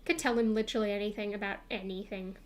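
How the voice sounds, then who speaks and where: A woman's voice: medium pitch, fairly even intonation, fast talker. A young woman streamer rambling through a casual storytime chat, full of fillers and acted-out quotes of herself.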